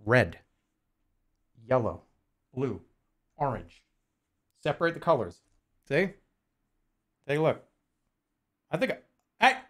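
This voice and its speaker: A man's voice: medium pitch, very animated, takes it slowly, pauses often. A man streaming casually, joking and swearing freely, arguing with his chat and muttering while he works on a jigsaw puzzle.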